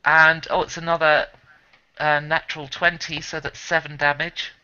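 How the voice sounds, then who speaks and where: A man runs a tabletop game as game master, his voice very bright and a touch high. He laughs often and pokes fun at himself. The recording is dull and lo-fi. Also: flat delivery, moderate pace, clean tone. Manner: laughs often, self-mocking.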